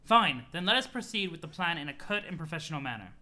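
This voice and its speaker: A man's voice: on the high side, sing-song, quick pace, sharp tone, full character voice. A man doing a stiff, haughty troll boy.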